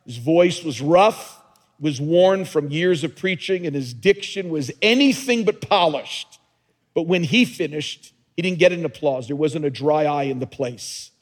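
A man's voice: expressive, unhurried. A man preaching a sermon as pastor to his church, rising into fervent, emphatic delivery. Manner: builds to loud, high-pitched preaching fervor. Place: church sanctuary. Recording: long reverb of a church hall.

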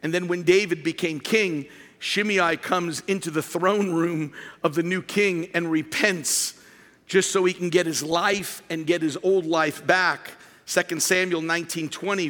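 A man delivers an animated sermon from the pulpit, his voice high and bright. He pushes up to shouts to drive points home. The sound carries a long reverb from a large sanctuary. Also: normal speed. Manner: animated preaching, rising to shouts for emphasis. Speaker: pastor.

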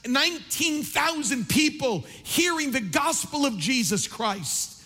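A man preaching a sermon as pastor, impassioned and building to near shouts. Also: very high-pitched, sing-song, slow, faint music behind. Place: large church sanctuary. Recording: long reverb of a large hall.

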